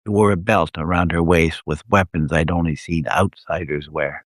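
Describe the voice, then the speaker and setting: A man reading his own first-person adventure story aloud on a live stream, telling it in a steady way. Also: deep voice, moderate pace, dry recording, clean studio sound.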